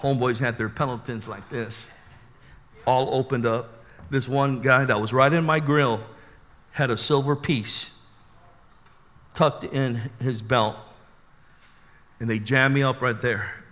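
Bright-voiced man telling a dramatic testimony. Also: medium pitch, slow pace, pauses often. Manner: animated, dramatic storyteller. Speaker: preacher giving his testimony. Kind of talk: sermon testimony storytelling. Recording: long hall reverb.

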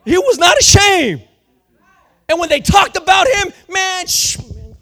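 A man preaching a sermon with fervor, slangy and full of restarts, often building up to shouting. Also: very high-pitched, sing-song, a little slow.

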